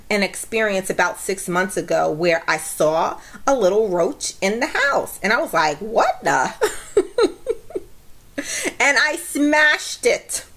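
Animated, giggly woman vlogger. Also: mid-range voice. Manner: bubbly and giggly, acting out her stories. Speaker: vlogger reviewing a product. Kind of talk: casual chat to camera.

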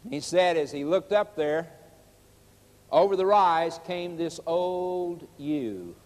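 Male evangelist, higher-pitched, emphatic and pleading sermon delivery, recorded in a reverberant church hall. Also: expressive, slow, a little mellow. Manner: earnest storytelling, pleading and emphatic. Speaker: evangelist preacher. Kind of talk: evangelistic sermon with story and prayer. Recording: long reverb of a large hall.

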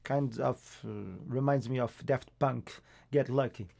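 A man's voice: medium pitch, little pitch movement, a little slow, creaky, darkish tone. A man from Portugal with a Portuguese accent, teaching a guitar lesson and counting beats patiently. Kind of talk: guitar tutorial. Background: acoustic guitar playing.

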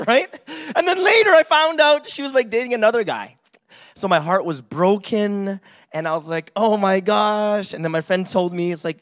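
A man's voice: sits high, fairly bright tone. A man in his forties giving a casual sermon with personal stories, chatty and full of "right?" asides. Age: 40s. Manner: chatty, many fillers and "right?" asides, acts out quotes. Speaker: pastor.

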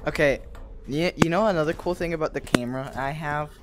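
A man streaming a video game, chatting casually and excitably with friends. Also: on the high side, fast, heavy background noise. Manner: excitable, yelps and laughs, lively. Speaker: gaming streamer. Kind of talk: casual gameplay chat.

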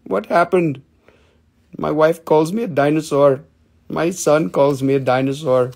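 A man's voice: a little high, a little slow, creaky, a little mellow. A man in his forties hosting a live gemstone sales stream, chatting in a playful, rambling, jokey way and swearing casually. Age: 40s.

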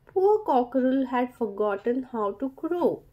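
A woman reading a children's storybook aloud slowly and expressively. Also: high-pitched, lively intonation, warm tone, highs cut off.

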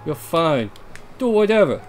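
A man's voice: a little high, sing-song, a little slow, slight background noise. A man putting on a curt sullen British student. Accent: fake British, slipping. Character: sullen young male art student, English, curt.

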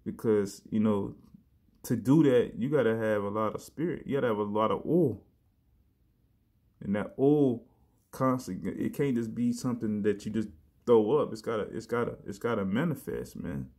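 A man giving a casual sermon, talking in a loose conversational way, often saying "man" and "you know", and reading verses slowly with emphasis. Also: lowish voice, expressive, warm tone. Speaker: preacher.

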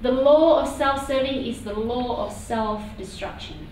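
A woman preacher giving a sermon in a church meeting room, talking in an animated, conversational way with asides. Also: fairly high pitch, a little slow, slight background noise. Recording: echoey hall from far off.

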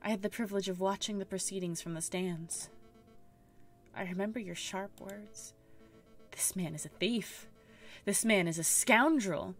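A woman's voice: medium pitch, moderate pace, long pauses, soft background music, natural voice. A woman voicing a vengeful young woman who speaks in a bitter, accusing way.

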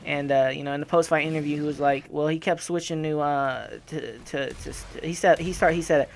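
Young male host, casual fight recap, profane and animated, slightly high pitch, faint game noise underneath. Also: brisk, creaky. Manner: profane, animated, trash-talking. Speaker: gaming channel host. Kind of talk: casual fight reaction commentary.

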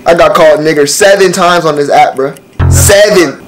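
Young male streamer with a high-pitched voice, brash and profane, roasting strangers in loose slang. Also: moderate pace, music in the background, low-quality recording. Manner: brash, profane slang banter with frequent laughter. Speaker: streamer on a random video chat app. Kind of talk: casual chat, roasting strangers.

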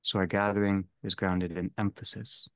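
A man leading a theology seminar, speaking slowly and deliberately and restating each phrase. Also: low-pitched, little pitch movement, fairly bright tone, clear, resonant tone, no room sound. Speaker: seminar leader. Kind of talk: theology lecture.

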